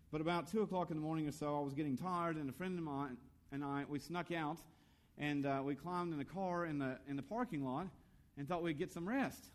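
An earnest male pastor preaching with a slightly high voice. He leans into rhetorical questions and personal stories, lifting his voice for emphasis. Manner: storytelling about his own youth. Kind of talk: sermon.

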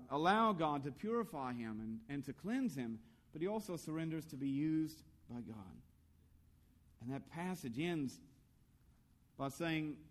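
Earnest, slightly high-voiced male preacher. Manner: earnest, lively preaching with rhetorical questions; storytelling about his own youth. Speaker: pastor. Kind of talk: sermon.

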